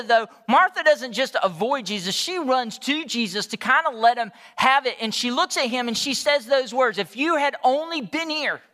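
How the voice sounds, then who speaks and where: A man's voice: high voice, bright, forceful tone. A man preaching a passionate sermon, retelling scripture dialogue with rising intensity. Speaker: pastor. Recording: large hall reverb.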